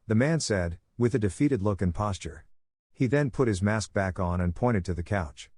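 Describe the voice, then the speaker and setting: A man narrating a fan fiction story in a steady, even reading. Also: fairly low pitch, moderate pace, breathy edge, no room sound, studio quality.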